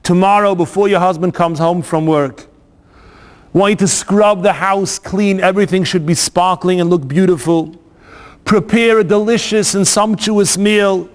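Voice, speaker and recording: A man voicing a calm, wise rabbi who gives advice step by step in a measured, instructive way, heard with a long reverb. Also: sits high, voice pushed down, natural voice. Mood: advising.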